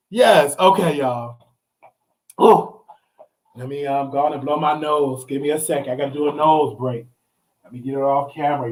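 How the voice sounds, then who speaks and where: High-voiced excitable man streaming. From Texas. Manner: excitable, shrieking squeals and repeated exclamations; chatty, addresses viewers directly. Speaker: live-stream host. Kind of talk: casual live-stream chat.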